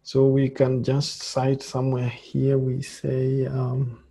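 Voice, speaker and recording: Slow, gravelly male lecturer. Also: medium pitch, completely flat delivery, mellow. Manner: slow, halting, many fillers. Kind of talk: screen-share coding tutorial.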